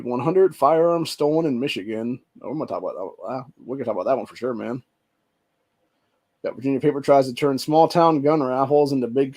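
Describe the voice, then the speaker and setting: A man's voice: mid-range voice, a little mellow. An American man hosting a solo podcast, reading out news headlines and reacting with a profane, ranting and casual manner, often calling listeners "dude". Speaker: podcast host.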